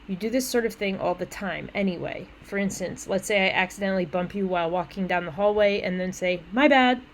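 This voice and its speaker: A woman's voice: fairly low pitch, fairly even intonation, brisk, slight background noise, low-quality recording. Casual, chatty woman instructor explaining an essay. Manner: conversational, with casual asides and self-corrections. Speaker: college English instructor. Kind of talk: walking through essay instructions.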